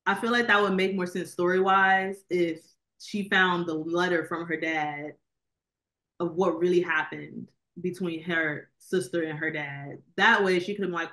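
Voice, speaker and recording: A woman co-hosting a podcast speaks unhurriedly in a fairly low, steady voice with a fairly bright tone. She rambles through a casual chat about a film she reviewed, leaning on lots of fillers.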